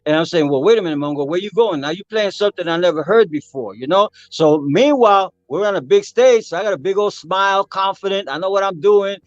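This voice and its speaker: Animated older man telling stories. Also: high voice, brisk, few pauses, no room sound, highs cut off. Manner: animated storyteller, acts out voices and sings rhythms. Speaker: percussionist guest. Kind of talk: storytelling interview.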